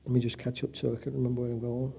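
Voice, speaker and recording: Dark-voiced man telling a personal story. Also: mid-range voice, level tone, rapid-fire, gravelly, husky. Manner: emotional storytelling, acts out quoted voices. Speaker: event speaker, patient's husband. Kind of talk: personal testimony.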